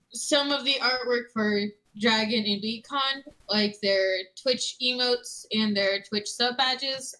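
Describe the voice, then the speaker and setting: A woman's voice: fairly high pitch, bright, forceful tone, rough recording. A woman who plays in and streams tabletop games, bantering playfully with joking curses and frequent laughter. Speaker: player and fellow streamer. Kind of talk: casual banter in a game session.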